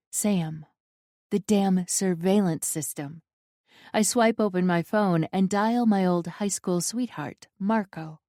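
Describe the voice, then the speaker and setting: A woman narrates a first-person romance audiobook slowly, her mellow voice sitting on the low side. It's a dry, studio-quality recording.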